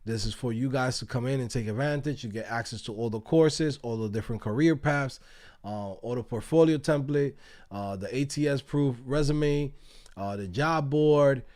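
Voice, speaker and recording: A man's voice: mid-range voice, normal speed. A man, hosting a casual livestream, telling stories with lots of swearing and laughter. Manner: animated, profane, laughing storyteller. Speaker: livestream host. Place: outdoors.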